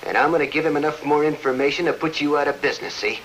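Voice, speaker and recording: A man's voice: on the high side, steady tone, rapid-fire, a bit bright, muffled recording, lightly acted. An actor playing a scheming, greedy gangster boss who gloats as he blackmails, in a 1940s radio drama with faint hiss. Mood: gloating. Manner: gloating, tough-guy snarl.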